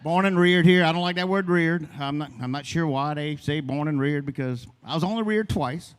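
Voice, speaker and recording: Man in his fifties, rambling folksy storyteller, somewhat high voice, club reverb. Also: moderate pace, clear, resonant tone. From Louisiana. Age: 50s. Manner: rambling, folksy, long-winded. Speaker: open mic comedian. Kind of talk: stand-up storytelling. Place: comedy club stage.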